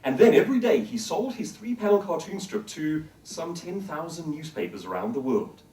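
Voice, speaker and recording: A male professional speaker delivers a motivational talk with a lively, swooping delivery and an emphatic manner. His voice is mellow and dark-toned. The sound carries the echo of a roomy hall, picked up from some distance away from the mic. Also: on the high side. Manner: expressive, emphatic, asks the audience questions. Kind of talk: motivational talk to a live audience.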